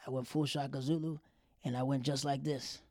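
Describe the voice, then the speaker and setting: A man telling a comic personal story in a loose, animated way, slipping into other people's voices. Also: mid-range voice, a little fast, very noisy.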